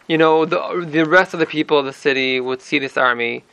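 High, gravelly-voiced man teaching Torah. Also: fairly quick, no room sound. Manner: animated explaining, frequent rhetorical "right?"; mixes in Hebrew terms and verse readings. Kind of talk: Torah class.

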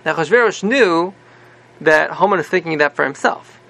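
A man teaching a casual religious class, retelling a story in an animated way and constantly checking in with "right?". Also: a little high, moderate pace, vocal fry, no room sound. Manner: animated, repeats "right?" constantly, many restarts.

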